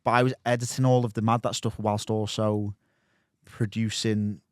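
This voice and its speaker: A man's voice: on the low side, level tone, normal speed, no room sound, studio quality. A man, chatting casually as a podcast guest, rambling with many restarts and fillers.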